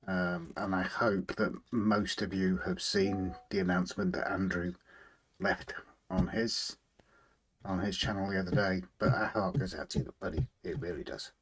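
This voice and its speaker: A man hosts a relaxed livestream from his model railway room. He reads out viewer comments, greets each person by name in a friendly, chatty way, and hums to himself while he tinkers with the layout. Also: sits low, normal speed, breathy edge. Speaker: livestream host. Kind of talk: casual live chat, reading out viewer comments.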